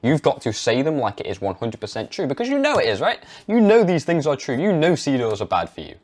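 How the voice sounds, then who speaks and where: A man's voice: mid-range voice, wildly swooping pitch, fast, a little mellow. A young man vlogging to camera. He talks emphatically and stresses key words hard, then drops into a hesitant mumble when he mimics someone unsure. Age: young adult. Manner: emphatic, mocks hesitant speech. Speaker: health vlogger. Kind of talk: direct-to-camera advice monologue.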